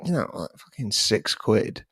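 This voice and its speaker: A man's voice: lowish voice, sing-song, measured pace, a bit bright, husky, no room sound, clean studio sound. A young man, co-hosting a podcast and telling a story animatedly, swearing casually and acting out other people's voices. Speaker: podcast co-host.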